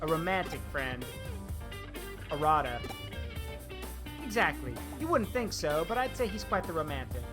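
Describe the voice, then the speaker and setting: A man's voice: a little high, expressive, moderate pace, pauses often. A man streaming a game, chatting in a rambling, teasing way. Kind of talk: casual gaming stream chat. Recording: game music behind.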